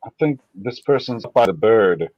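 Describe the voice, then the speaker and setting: A man's voice: lowish voice, animated, normal speed, no room sound, highs cut off. A man hosting a casual live-stream chat, loose and joking, with some swearing. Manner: loose, swears, jokes around.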